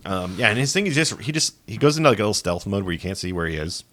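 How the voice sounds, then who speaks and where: A man co-hosting a casual gaming podcast, excitable and swearing a lot, laughing as he tells stories. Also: fairly low pitch, very fast. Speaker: podcast co-host.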